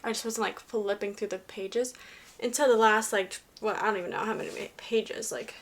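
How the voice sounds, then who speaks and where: A young woman vlogging her reactions to a fantasy series, excitable and often dropping to a whisper. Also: mid-range voice, normal speed. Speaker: book vlogger. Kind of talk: casual reading reactions. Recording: faint background noise.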